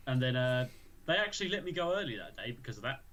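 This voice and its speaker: A man's voice: medium pitch, very animated, fast talker, fairly bright tone. Young man, rambling and sweary. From England. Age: young adult. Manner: swearing, rambling storytelling with many restarts. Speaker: podcast co-host. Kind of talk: casual chat.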